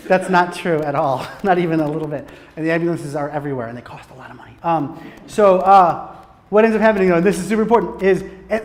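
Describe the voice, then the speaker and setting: A man with a high voice tells stories in a loose, animated way, swearing and laughing between lines. He speaks as a guest at a casual talk on making films. His voice rings through a hall with a long echo. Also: fast. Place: conference room. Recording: reverberant hall.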